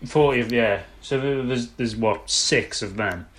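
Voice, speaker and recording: A man's voice: mid-range voice, a little slow, crowd noise. A man co-hosting a casual film review podcast, chipping in with sardonic jokes. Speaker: podcast co-host.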